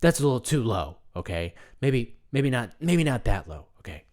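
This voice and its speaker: Man, comedic self-help host, earnest soothing delivery, pitch rising and falling a lot. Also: very animated, moderate pace, darkish tone. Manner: earnest, soothing, refers to himself in the third person.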